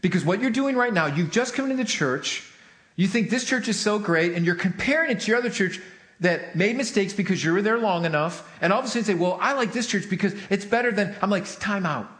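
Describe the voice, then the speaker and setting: A man with a high voice preaches to his congregation, talking in a loose, chatty way and asking for amens as he goes. His voice rings through a roomy church hall. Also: lively intonation, fast talker, fairly bright tone. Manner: conversational, calls for amens from the congregation. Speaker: pastor. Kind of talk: sermon. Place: church sanctuary.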